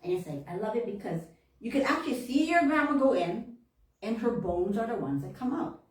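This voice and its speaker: A woman minister giving a heartfelt personal testimony to her congregation, laughing often and jumping up in pitch when she gets excited. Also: a little fast. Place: church hall. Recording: roomy room, voice from far off.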